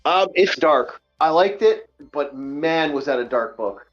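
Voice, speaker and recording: A man hosting a casual online book-review chat, emphatic and animated, repeating himself often. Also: fairly high pitch, unhurried, lo-fi sound, faint music behind. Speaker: podcast host.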